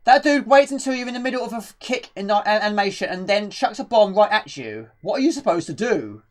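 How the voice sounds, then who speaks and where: A woman's voice: mid-range voice, lively intonation, quick pace, a little mellow. A woman live-streaming a retro game, chatting casually and out of breath, rambling and answering chat questions as she plays. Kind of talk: casual gameplay commentary.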